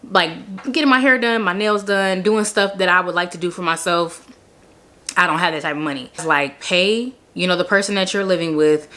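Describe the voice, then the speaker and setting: A woman's voice: lowish voice, a bit bright. A young woman telling her personal faith testimony in a casual, earnest way, full of "like" fillers. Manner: chatty, many "like" fillers, earnest. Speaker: vlogger sharing a faith testimony.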